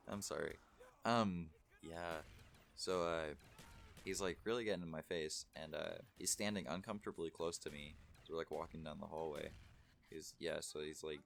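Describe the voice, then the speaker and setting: A man's voice: very deep voice, normal speed, creaky, a little hiss or hum. A young man telling a story casually, rambling and swearing a lot, with many fillers. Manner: rambling, profane, full of fillers. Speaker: vlogger.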